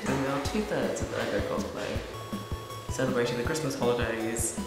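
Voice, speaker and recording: A man's voice: medium pitch, moderate pace. Young man, chatty, playfully boastful, casual vlog, very echoey room, music behind. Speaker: cosplay vlogger. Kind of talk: casual chat.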